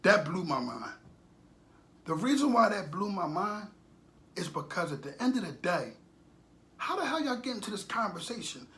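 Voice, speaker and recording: A middle-aged man giving animated street-talk commentary, preachy and repetitive, firing off rhetorical questions and swinging between loud bursts and low muttering. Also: moderate pace, long pauses. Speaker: commentator on a social media channel.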